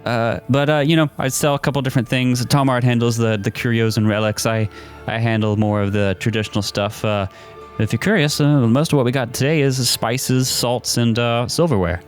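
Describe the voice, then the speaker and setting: A man's voice: medium pitch, steady tone, fairly quick, soft background music, natural voice. A man doing a stammering halfling merchant. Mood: flustered. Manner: stammering, repeating himself.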